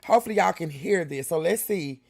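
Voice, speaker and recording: A woman's voice: lowish voice, lively intonation, a little fast, vocal fry, a little mellow, no room sound, clean studio sound. A middle-aged woman hosting a live reaction stream, chatting casually with viewers and reading the chat aloud, laughing often. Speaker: livestream reaction host.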